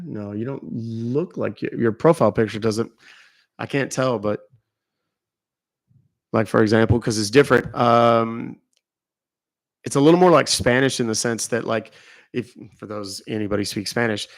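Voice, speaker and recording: A man's voice: medium pitch, no echo. A middle-aged man, chatting casually on a phone livestream, rambling as he answers viewer comments. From Texas. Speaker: livestream host.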